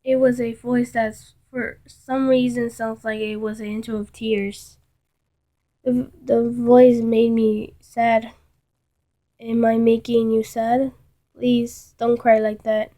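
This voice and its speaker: A woman reading a dark first-person story aloud in a dramatic way, often stumbling and restarting words. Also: a little high, little pitch movement, slow, low-quality recording. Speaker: story reader.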